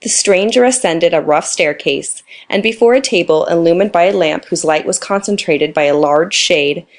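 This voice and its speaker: A woman narrating a classic novel audiobook, reading the dialogue in her own voice. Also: deep voice. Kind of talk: scripted narration.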